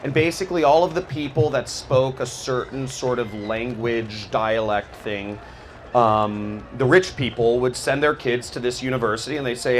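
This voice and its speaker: A man's voice: medium pitch, steady tone, normal speed, a little hiss or hum. Rambling casual man giving a talk. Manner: rambling, filler-heavy, frequent "you know" and "like"; acts out quoted people in exaggerated voices. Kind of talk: casual informal lecture.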